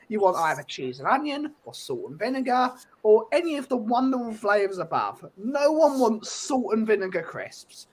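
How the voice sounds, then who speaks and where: A man's voice: high-pitched, big pitch swings, normal speed, hardly any pauses, poor audio. A man, co-hosting a casual podcast chat, ranting with swearing and comic exaggeration. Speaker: podcast co-host.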